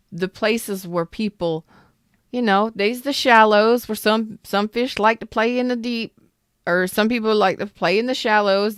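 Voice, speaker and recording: A woman's voice: mid-range voice, clean tone, no echo, studio quality. A woman hosting a live tarot reading, casual and emphatic, repeating phrases and chatting with viewers. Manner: talks to viewers in the chat.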